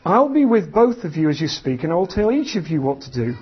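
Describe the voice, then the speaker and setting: A man reading the lines of God, a patient, commanding male deity, as scripture in a lively voice. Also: fairly high pitch, fairly quick, slightly rough, full character voice. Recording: dull lo-fi sound.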